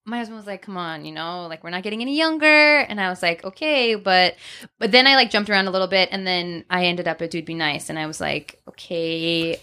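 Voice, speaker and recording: A woman's voice: fairly low pitch, brisk, bright, forceful tone, clean tone. A woman in casual chat, animatedly telling personal stories, acting out quotes and laughing often. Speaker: guest.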